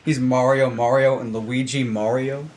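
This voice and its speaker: A man's voice: mid-range voice, level tone, normal speed, a little mellow, a little hiss or hum. A young man co-hosting a casual podcast with friends, joking and laughing often. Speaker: podcast co-host. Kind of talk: casual chat among friends.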